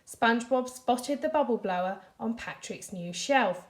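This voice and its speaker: A primary school teacher with a British accent reading a storybook aloud to children, expressive and animated. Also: female voice, a little high, measured pace. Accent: British English.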